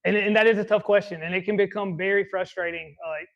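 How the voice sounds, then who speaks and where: A man's voice: high-pitched, fairly even intonation, fast talker, fairly bright tone, dull audio. A man who is a fire captain, answering interview questions earnestly and reflectively, with many restarts. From American South.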